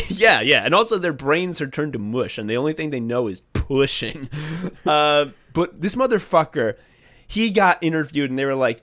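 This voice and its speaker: Animated profane man chatting on a podcast. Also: on the high side, moderate pace. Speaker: podcast co-host. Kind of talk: casual podcast chat. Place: separate rooms from co-host.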